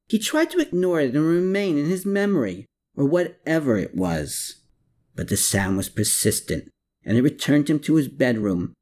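Audiobook narrator, really expressive, pitch goes all over. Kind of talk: scripted storytelling narration.

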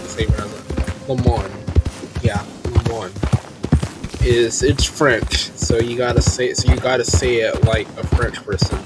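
A man's voice: medium pitch, fairly even intonation, unhurried, loud music behind the voice. A man hosting a podcast, casually talking through a video game he is playing, often restarting his sentences. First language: English. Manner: rambling, restarts sentences, chatty. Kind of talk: casual gameplay commentary.

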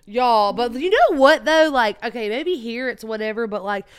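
Woman, casual chat, brash, swearing, slightly high pitch. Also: animated, normal speed, smooth, no echo, clean studio sound. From South Georgia.

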